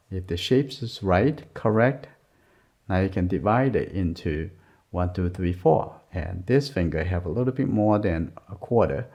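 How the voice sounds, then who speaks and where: Soft-spoken low gravelly male art teacher. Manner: soft-spoken, murmuring, simple broken phrasing. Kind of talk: drawing lesson narration while working. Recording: dull lo-fi sound.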